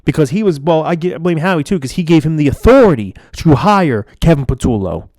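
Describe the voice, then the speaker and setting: A man's voice: on the high side, expressive, a little fast, darkish tone, no room sound, studio quality. A man giving a frustrated, profane, rambling rant as a sports fan vlogger. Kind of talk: ranting fan commentary.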